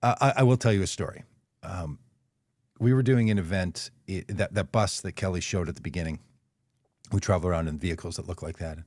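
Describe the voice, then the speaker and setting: Speaking briskly in a low, slightly mellow voice, a guest on a video call shares a personal anecdote with no echo in the sound. He keeps it conversational, stopping to correct himself now and then.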